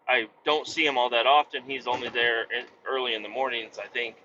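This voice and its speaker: Male podcast host, rambling comic storyteller, bright, lively voice, lo-fi sound. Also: mid-range voice, brisk. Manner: animated, profane, rambling. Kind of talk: casual comedic storytelling. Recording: dull lo-fi with faint noise.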